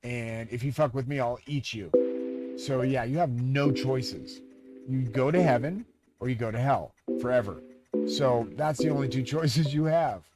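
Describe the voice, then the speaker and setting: A man's voice: medium pitch, a little slow. A man live-streaming a profane, agitated, grandiose rant aimed straight at his viewers. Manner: profane, agitated and grandiose, talks to the audience directly. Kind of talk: ranting monologue to viewers. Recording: loud music playing behind the voice. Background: loud music.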